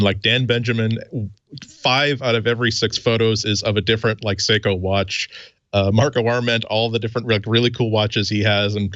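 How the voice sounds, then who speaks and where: A man with a lowish voice muses wryly as a panelist in a casual tech chat. His audio sounds dull and muffled but dry. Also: fairly bright tone, dry recording.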